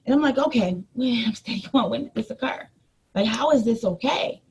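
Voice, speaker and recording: A woman in her thirties, a life coach, telling a personal story in a lively motivational talk to her audience. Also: a little high, brisk, slight background noise. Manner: animated storytelling, addresses listeners as y'all.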